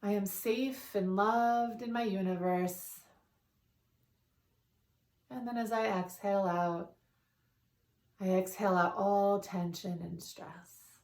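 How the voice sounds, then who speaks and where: Slow, soothing woman guiding meditation. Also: mid-range voice. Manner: slow, calm, soothing, repeating affirmations. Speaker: meditation guide. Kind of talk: guided meditation. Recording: roomy, distant from the mic.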